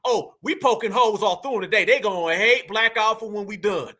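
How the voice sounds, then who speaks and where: A man with a very high, bright, sharp voice hosts a reaction commentary show. He talks straight to his viewers in animated slang, pausing a clip to argue back at it. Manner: animated, addresses audience directly with slang. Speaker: commentary host.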